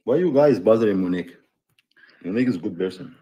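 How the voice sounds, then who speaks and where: A man's voice: fairly low pitch, lively intonation, quick pace, dark tone. A man from Egypt on a livestream, giving short, blunt retorts in casual chat. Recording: clip with clear background noise.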